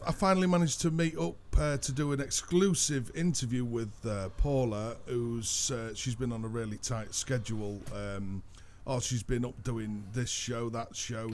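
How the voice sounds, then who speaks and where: A man hosts a podcast in relaxed, teasing banter, with swearing and easy laughter. His voice sits in an ordinary middle pitch. A faint hiss of background noise runs under him. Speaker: podcast host. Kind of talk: casual banter.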